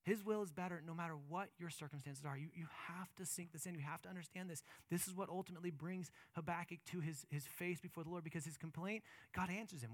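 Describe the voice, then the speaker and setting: Emphatic high-voiced male preacher. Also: no echo. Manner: impassioned, emphatic preaching that swings between loud and soft. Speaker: pastor. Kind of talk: sermon.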